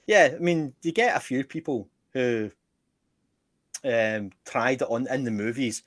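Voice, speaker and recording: A man's voice: mid-range voice, a little slow, fairly bright tone, no echo. A man with a Scottish accent, a guest chatting casually and bluntly, laughing easily. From Scotland. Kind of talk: casual chat.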